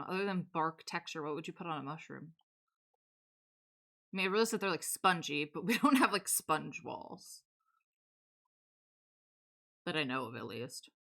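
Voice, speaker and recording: A woman in her twenties streaming a life-sim game, chatting casually and telling animated stories, laughing often and acting out quoted lines. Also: deep voice. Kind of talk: casual live-stream chat while building. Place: home streaming setup.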